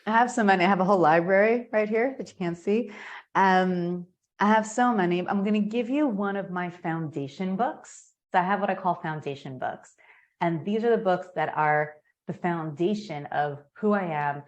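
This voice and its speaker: An American woman talking as a guest in a podcast interview, energetic and emphatic, acting out quoted sales pitches as she explains. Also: normal speed, dull audio. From United States. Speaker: guest, marketing consultant.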